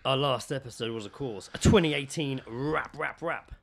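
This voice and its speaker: A man's voice: medium pitch, moderate pace, vocal fry. A man co-hosting a comedy podcast, joking and swearing in casual chat. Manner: swearing, jokey, animated. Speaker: podcast co-host.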